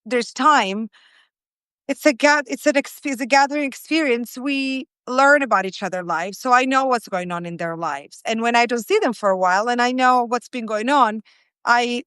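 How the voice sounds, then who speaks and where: Speaking at normal speed in a smooth, highish voice, a woman in her forties cooks and chats on her casual live stream. She greets viewers by name warmly and keeps restarting; the recording is dry.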